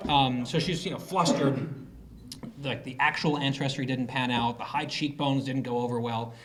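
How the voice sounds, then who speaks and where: A man's voice: medium pitch, steady tone, moderate pace, a bit bright. A man giving a political speech to a live audience, telling a story with sarcasm and mocking quoted voices. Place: conference hall.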